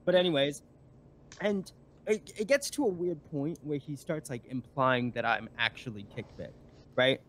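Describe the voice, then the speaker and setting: A man's voice: a little high, expressive, moderate pace, a bit bright, a little hiss or hum. A man, a guest on a live stream, telling a story in a rambling casual way with many fillers and restarts.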